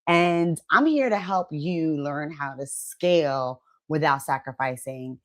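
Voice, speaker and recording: A woman's voice: low-pitched, slow. A woman giving a motivational wellness talk to camera, emphatic and conversational, often checking in with "right?" and acting out quoted inner voices. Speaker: wellness coach and channel host.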